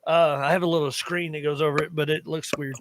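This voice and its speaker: This podcast co-host is a thirtysomething man from Appalachia, specifically western North Carolina, who rambles through stories and keeps interrupting himself in loose conversation. He talks fast at a fairly high, steady pitch, and background noise can be heard.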